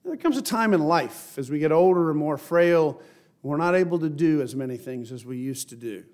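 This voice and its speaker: A middle-aged man giving a sermon as pastor, reading scripture and explaining it earnestly, slowing and lifting his voice for emphasis. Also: on the high side, animated, a little mellow. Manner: earnest preaching, slows and rises to stress scripture.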